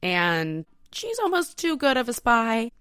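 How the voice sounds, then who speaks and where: A woman hosting a podcast, telling a history story in a casual, profane, animated way and talking straight to her listeners. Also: a little high, unhurried, clear, resonant tone, dry recording, studio quality. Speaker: podcast host.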